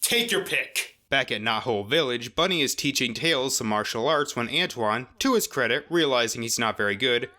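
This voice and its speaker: A man's voice: medium pitch, a little fast, hardly any pauses, sharp tone. Snarky young man ranting in a review. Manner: snarky, profane rants. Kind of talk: sarcastic review commentary.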